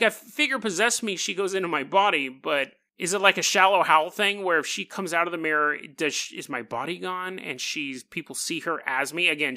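A man's voice: a little high, pushed and bright. A man hosting a podcast in a casual monologue, talking in a joking, self-mocking way. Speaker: podcast host.

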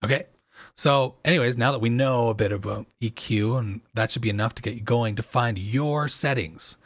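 A man with a slight crunch in his voice, explaining audio software in a casual, loose tutorial with plenty of fillers, into a dynamic microphone. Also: mid-range voice, moderate pace, dry recording.

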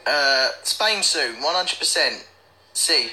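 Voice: medium pitch, expressive, moderate pace, bright, forceful tone, rough recording. A livestream host in casual chat, playfully answering fan comments one by one. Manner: playful, answers fans directly, breaks into sung snippets.

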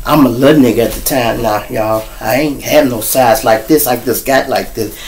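A man's voice: mid-range voice, moderate pace, a little hiss or hum, poor audio. A middle-aged man, the host, telling street stories in a casual, profane monologue aimed straight at his viewers. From Chicago. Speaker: storyteller host.

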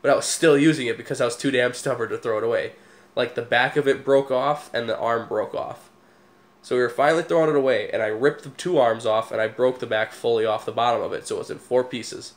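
A man's voice: mid-range voice, fast. A young man, casually telling funny stories to the camera and laughing at them. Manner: laid-back, laughs at his own stories. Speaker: vlogger.

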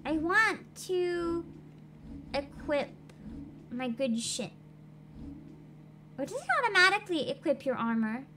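A woman streaming a video game, chatting casually, excitable and giggly, and swearing freely. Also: high-pitched, slow, long pauses, background noise. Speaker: VTuber streamer. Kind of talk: casual gaming livestream chat.

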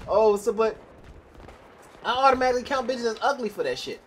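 A man's voice: extremely high pitch, lively intonation, a little fast, long pauses, slight background noise. A young man ranting bluntly and profanely while commenting on his own gameplay. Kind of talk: live gameplay commentary rant.

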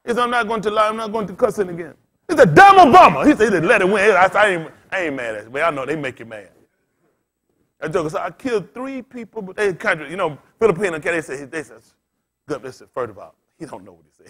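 A man preaching in loose storytelling style as a pastor, blunt and cussing, laughing as he swings between loud bursts and quiet asides. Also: high voice, expressive, fast. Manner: blunt, street-talking, cussing. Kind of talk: storytelling sermon.

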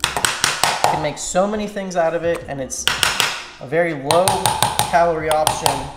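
A man's voice: on the high side, a little slow, very noisy. Man from Slovakia hosting a cooking vlog. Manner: relaxed, talks viewers through each step. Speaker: cooking channel host. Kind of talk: casual cooking demonstration. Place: home kitchen. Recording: echoey kitchen with music bed. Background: background music, clinking dishes.

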